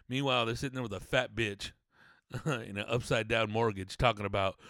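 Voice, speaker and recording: Profane, animated male podcast host. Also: on the low side, a little fast, no room sound, studio quality. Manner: profane, animated, mock-stammering. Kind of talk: crude comedic rant.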